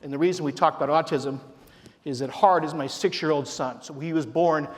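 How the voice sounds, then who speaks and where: A man's voice: on the high side, brisk. A man, giving a conference keynote as a company CEO, earnest and personal with self-deprecating jokes. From Utah, United States. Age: 50s. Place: large conference hall stage. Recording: reverberant conference hall sound.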